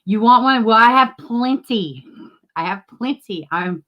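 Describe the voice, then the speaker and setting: A woman's voice: on the high side, expressive, unhurried, bright, forceful tone. A woman, casually chatting with viewers as a livestream host and greeting them by name. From Tennessee, US.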